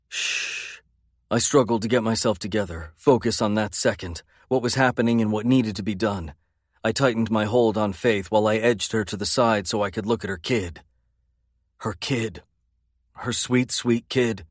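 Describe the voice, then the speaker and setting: A man's voice: on the low side, dry recording, studio quality. A man narrating a first-person romance audiobook in an intense, brooding way.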